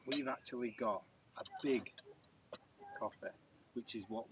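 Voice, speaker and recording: A man's voice: mid-range voice, a little slow, recorded from a distance, background noise. A middle-aged man, chatting in an easygoing way as a motorhome travel vlogger. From England. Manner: easygoing, hesitant with fillers. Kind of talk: casual chat.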